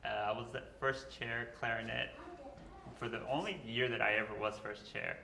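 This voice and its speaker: A man, a former band student, telling an animated story to old friends, laughing often as he goes. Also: mid-range voice, normal speed, gravelly, background noise. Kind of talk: storytelling at a gathering. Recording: echoey room with crowd.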